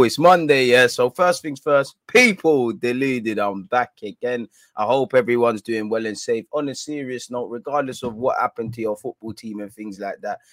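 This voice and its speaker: A man's voice: lowish voice, no echo. A young man, talking to camera in a playful, slang-heavy fan vlog in front of a green screen. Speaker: football vlogger.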